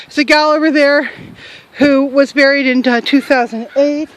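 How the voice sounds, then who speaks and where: A woman's voice: sits high, fairly even intonation, moderate pace, low-quality recording. An older woman chatting to camera as a travel vlogger outdoors, in a joking, self-mocking manner. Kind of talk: casual chat to camera. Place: outdoors in a hillside cemetery.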